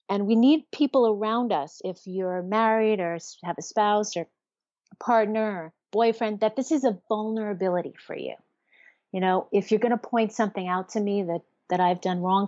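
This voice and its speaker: An interviewed therapist with a medium-pitched, slightly mellow voice explains ideas in an earnest, teaching way. To illustrate, she voices inner self-talk in quotes, and the recording is dull, lo-fi and dry, without echo.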